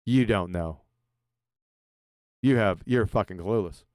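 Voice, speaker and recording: A man's voice: on the low side, slow pace, darkish tone, no echo, clean studio sound. A man hosting a show, mocking a video in abrasive, profane commentary. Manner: sarcastic, abrasive, swears a lot. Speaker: show host reacting to a video.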